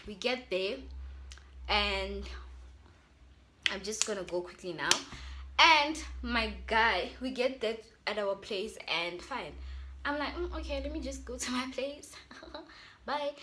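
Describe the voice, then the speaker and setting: A woman's voice: mid-range voice, bright, forceful tone. A young South African woman with an accent, chatting animatedly to her viewers as she tells a storytime. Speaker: YouTuber. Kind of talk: casual storytime.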